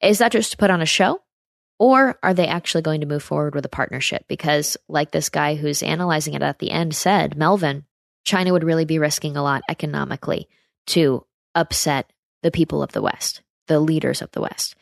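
A woman's voice: low-pitched, fairly quick, vocal fry, dry recording, studio quality. An American woman hosting a political commentary show, reading news aloud with sarcastic, chatty asides to her viewers.

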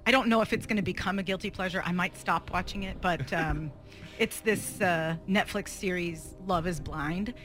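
A woman's voice: lowish voice, normal speed, a bit bright, soft background music. A woman co-hosting a sports radio show, chatting casually with lots of fillers and laughs. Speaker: radio co-host.

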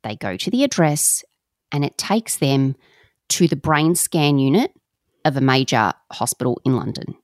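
A woman co-hosting a podcast, telling a story in casual, animated chat with slang and the odd swear word. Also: a bass voice, normal speed, no echo, studio quality. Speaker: podcast co-host.

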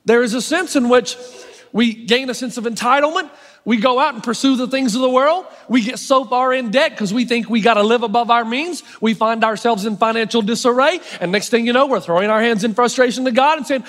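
A man pastor preaching a sermon with wry, self-mocking humor, slowing down to stress key phrases. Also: very high-pitched, fairly bright tone. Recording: long hall reverb.

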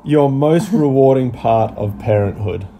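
A man's voice: medium pitch, animated, measured pace, mellow, a little hiss or hum. A man co-hosting a casual chat, laid-back and teasing as he asks the questions. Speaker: podcast co-host asking questions.

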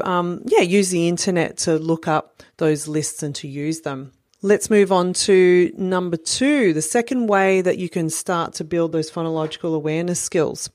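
Low-voiced woman explaining patiently. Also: darkish tone, no echo, clean studio sound. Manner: clear, patient explaining with many fillers. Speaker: parent educator. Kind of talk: instructional talk to parents.

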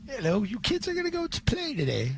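A man putting on a high, prim British accent as a mother fussing over her children. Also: huge pitch swings, quick pace, noisy background, heavily acted. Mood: mocking. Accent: mock British. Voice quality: high falsetto.

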